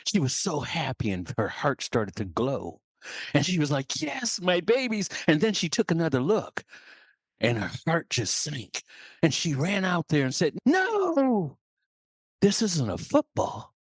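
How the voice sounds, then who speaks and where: Animated man telling a story. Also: medium pitch, normal speed, breathy edge, dry recording, studio quality. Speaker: leadership coach, podcast co-host. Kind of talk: storytelling in a podcast chat.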